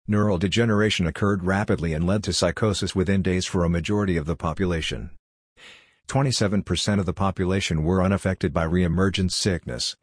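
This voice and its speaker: A man voicing a detached female lab computer that reads out a flat, clinical report. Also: low voice, breathy edge, dry recording, studio quality.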